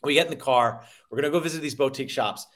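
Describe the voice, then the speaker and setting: Animated man telling business stories. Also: medium pitch, racing. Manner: energetic, repeats words and restarts, quotes people in lively voices. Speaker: sales coach guest. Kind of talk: conversational interview storytelling.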